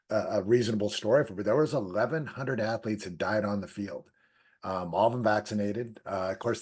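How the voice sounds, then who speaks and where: A man's voice: lowish voice, breathy edge. A man hosting an interview, talking in a rambling, hesitant way with fillers before putting his question. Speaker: interview host. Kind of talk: casual interview talk.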